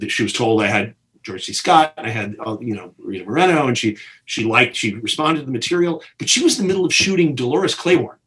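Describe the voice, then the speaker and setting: A man's voice: mid-range voice, fairly quick. A middle-aged man, a film director, telling behind-the-scenes stories in an interview and acting out the people he quotes. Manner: animated storyteller who acts out quotes with big voices. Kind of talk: storytelling in an interview.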